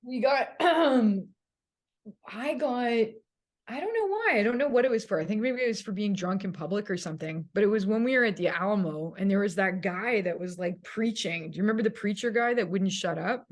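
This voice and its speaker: A woman's voice: mid-range voice, brisk. A woman who is a guest on a casual chat, recalling old adventures and laughing often. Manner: laughing, animated recollection.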